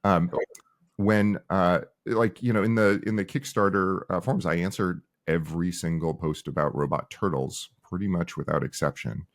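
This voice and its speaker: A low-pitched man's voice at a moderate pace belongs to a middle-aged company founder. Chatting loosely in an interview, he spins animated stories and acts out the people he quotes.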